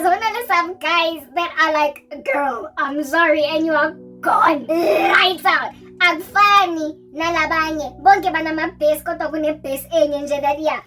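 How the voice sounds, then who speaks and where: A woman's voice: very high-pitched, fairly bright tone, recorded from a distance. A woman rambling animatedly in a casual vlog chat, now and then breaking into snatches of song. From South Africa. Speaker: Christian vlogger.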